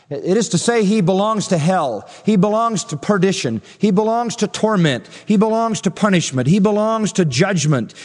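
A man's voice: on the high side, darkish tone. A man preaching an expository sermon, emphatic, asking rhetorical questions and repeating phrases for force. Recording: long hall reverb.

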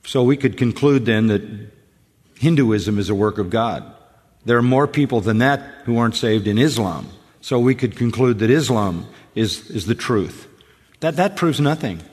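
A man talking in a relaxed radio discussion. He speaks earnestly and with emphasis, and often repeats words as he starts a thought. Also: medium pitch, moderate pace, husky, in a large hall.

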